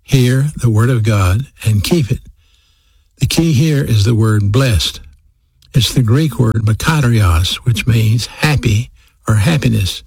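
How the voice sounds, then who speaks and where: Male preacher, gravelly and raspy, emphatic sermon delivery with slow repeated phrases, dry close sound. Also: mid-range voice, expressive, darkish tone, no echo.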